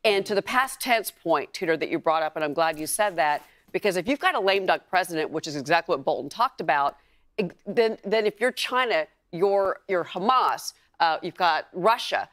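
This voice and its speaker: A woman's voice: fairly low pitch, lively intonation, normal speed, a bit bright, no room sound. A woman commentator on a TV news panel, giving earnest, concerned analysis.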